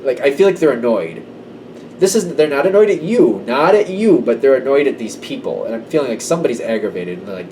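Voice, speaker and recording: A man's voice: medium pitch, big pitch swings, a little fast, dark tone, far from the mic, slight background noise, poor audio. A man giving a casual tarot reading to camera, conversational and emphatic. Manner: conversational, emphatic, slips into quoted voices. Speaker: tarot reader.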